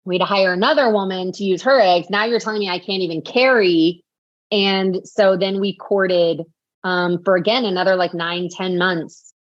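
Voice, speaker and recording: A woman's voice: mid-range voice, steady tone, moderate pace, dry recording. Woman, 40s, podcast guest, candid heartfelt storytelling, slightly dull dry audio. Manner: heartfelt, lots of fillers like "like". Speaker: podcast guest, author and speaker.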